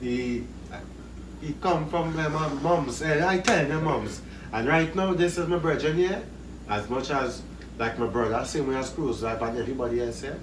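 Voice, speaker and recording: A man, an interview guest who talks in an animated way, laughs often and gives advice. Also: mid-range voice, normal speed, a crowd in the background. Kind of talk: casual outdoor chat. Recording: echoey, distant, noisy outdoor ambience.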